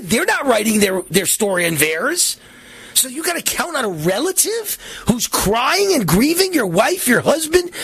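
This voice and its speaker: Fired-up radio host guy, husky, dry studio sound. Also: sits high, no echo. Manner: animated and indignant, acts out scenes. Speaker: radio talk show host. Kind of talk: ranting talk radio monologue.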